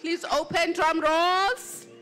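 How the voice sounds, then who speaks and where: Woman, award ceremony host, very high voice, slow delivery, exuberant. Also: steady tone, soft background music. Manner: exuberant, teasing, cheering with shouts. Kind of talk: announcing award winners. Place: large function hall.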